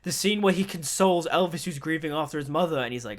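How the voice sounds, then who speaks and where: A man's voice: a little high, fast talker. A man giving a chatty, enthusiastic film review in a casual video.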